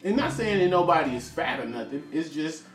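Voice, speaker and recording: A man's voice: a little high, animated, a little fast, a little hiss or hum. A man in his forties, a musician, talking frankly in a rambling, stop-start casual monologue. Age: 40s. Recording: echoey room, voice from far off, music behind.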